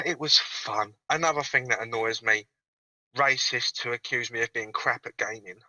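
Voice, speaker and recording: Sarcastic swearing man, very bright voice. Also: medium pitch, normal speed, dry recording, poor audio. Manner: crude, sarcastic, swears freely. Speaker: caller. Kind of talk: casual video call-in chat.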